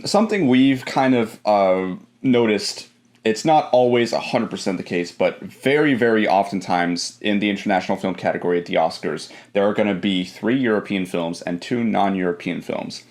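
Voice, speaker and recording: Man with a lowish voice talking film rankings. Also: a little mellow. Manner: analytical, lays out rankings step by step. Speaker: guest film expert. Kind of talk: casual podcast discussion.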